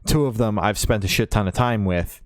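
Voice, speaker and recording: A man's voice: fairly low pitch, normal speed. A man co-hosting a music podcast, chatting casually about new albums, laid-back and swearing freely with lots of fillers and restarts. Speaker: podcast co-host. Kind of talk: casual music review chat.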